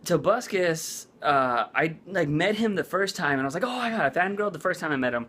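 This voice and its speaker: A man's voice: fairly high pitch, lively intonation, fairly quick, fairly bright tone. A man vlogging in a casual chat, rambling with lots of "like" and "uh". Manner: rambling, full of "like" and "uh".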